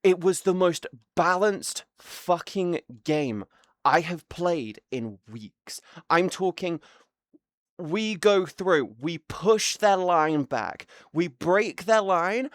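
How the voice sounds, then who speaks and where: A man's voice: high-pitched, expressive, takes it slowly, dry recording, studio quality. A British man streaming live, ranting with a lot of swearing in a casual, exasperated way. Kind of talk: casual livestream rant.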